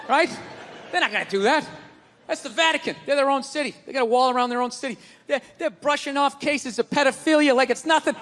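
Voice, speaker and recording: A man doing a stand-up comedy set on stage, ranting loudly and cursing freely into a handheld microphone. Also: extremely high pitch, quick pace, big-room sound, slight background noise. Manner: loud, ranting, profane. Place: stage before a live audience. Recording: live comedy club with audience.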